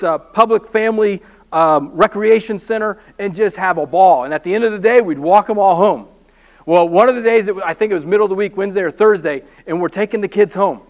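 A man preaching a sermon as pastor, telling a personal story with animated, self-mocking humor. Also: high voice.

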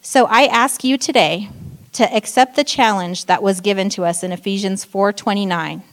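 A woman's voice: medium pitch, moderate pace. A woman giving a short sermon in church, telling a story and acting out frustrated lines. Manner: storytelling, acting out quoted outbursts. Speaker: church speaker. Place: church stage.

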